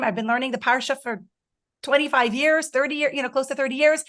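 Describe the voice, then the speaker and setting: A woman's voice: high-pitched, fairly bright tone. A woman in her forties telling a personal story to an online group, acting out her own past words. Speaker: guest speaker. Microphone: video call.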